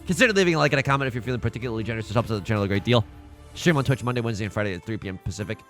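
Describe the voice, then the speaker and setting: Lively, exasperated gaming host, stammering. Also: male voice, mid-range voice, very fast, soft background music. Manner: stammering, exasperated, self-mocking. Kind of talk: let's play commentary.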